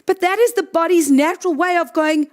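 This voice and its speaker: A middle-aged woman leading a guided breathing talk, gently walking listeners through exercises. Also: very high voice, fairly quick. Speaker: breathing coach.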